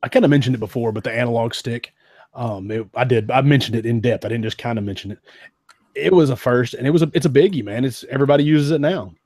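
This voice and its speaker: A man's voice: medium pitch, fast talker, dry recording, clean studio sound. A man co-hosting a podcast, chatting casually and with enthusiasm about old game consoles. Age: adult who was a teenager in the late 1990s. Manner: animated, enthusiastic, says "man" and "dude". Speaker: podcast co-host. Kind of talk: casual chat.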